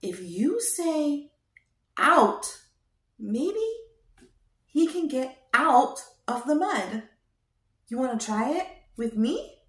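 A young woman hosting a toddler show, talking in a slow, exaggerated sing-song way to teach small children. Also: high-pitched, big pitch swings, fairly bright tone. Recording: roomy echo.

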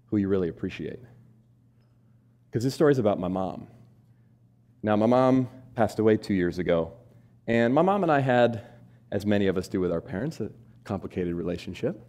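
A man in his forties giving a keynote talk on stage, telling a personal story, asking the audience questions and acting out the voices of the people in it. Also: fairly low pitch. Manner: animated, acts out quoted voices, asks audience questions. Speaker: keynote speaker. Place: stage before a live audience.

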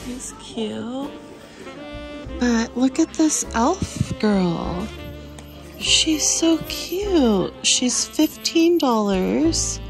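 A woman chatting casually in a shopping vlog, excited and gasping as she browses a store, with music playing behind her. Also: a little high, very slow, vocal fry. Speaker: thrift reseller vlogger.

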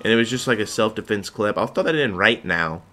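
A man's voice: on the low side, animated, brisk, sharp tone, slight background noise. A young man giving rambling, jokey commentary over his own gameplay footage. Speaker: gaming video host.

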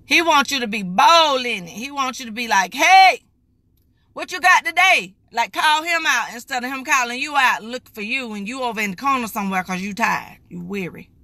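A woman's voice: a little high, a little fast, hardly any pauses, sharp tone, no room sound. A middle-aged woman preaches an emphatic, folksy live-streamed morning devotional, calling her viewers "baby.". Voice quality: raspy.

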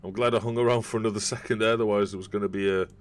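A man with a fairly low, fairly even voice races along as he streams a video game. He chats casually with his viewers while playing, rambling through his gameplay commentary.

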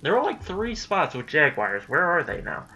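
A young man giving casual let's-play commentary, chatty and easily frustrated, breaking into excited yelling during chases. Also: fairly high pitch, normal speed, lo-fi sound. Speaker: gameplay commentator.

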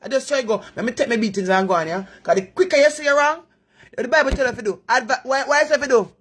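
Husky Jamaican woman giving live advice. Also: sits high, fast talker. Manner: earnest, advising, in patois-laced talk. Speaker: live-stream host. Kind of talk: preachy live chat.

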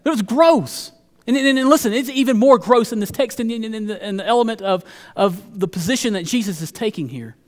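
A man's voice: high-pitched, animated, a little fast, in a large hall. A man preaching a sermon as pastor, earnest, often repeating words as he builds a point. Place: church sanctuary.

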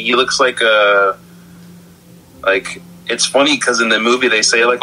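Bright-voiced man rambling about a film. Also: medium pitch, fairly even intonation, unhurried, soft background music, rough recording. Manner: rambling, stammering, many restarts. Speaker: podcast co-host. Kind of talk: casual film-discussion chat.

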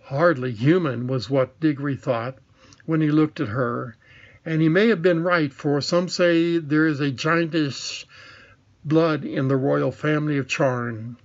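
A man's voice: a little high, unhurried, highs cut off. A man reading a children's fantasy novel aloud as scripted narration. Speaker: audiobook reader.

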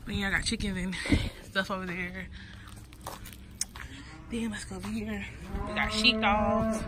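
A woman's voice: medium pitch, flat delivery, unhurried. A woman with a Southern US accent, chatting casually to viewers on a phone camera while walking around her farm. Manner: chatty, addresses viewers as y'all. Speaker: vlogger. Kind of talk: casual vlog walkthrough. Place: outdoors on a farm. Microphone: phone camera held by the speaker. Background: farm animals and outdoor noise.

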